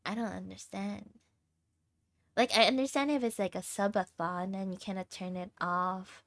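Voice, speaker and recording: A woman's voice: mid-range voice, fairly even intonation, moderate pace, fairly bright tone, no room sound. A tired young woman livestreamer chatting casually with her viewers and laughing often. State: tired, sleep deprived.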